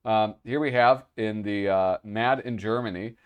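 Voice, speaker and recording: A man's voice: on the low side, measured pace, few pauses, smooth. A sleepy man hosting a casual commentary, rambling and hesitant with lots of fillers. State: sleepy, yawning. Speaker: host.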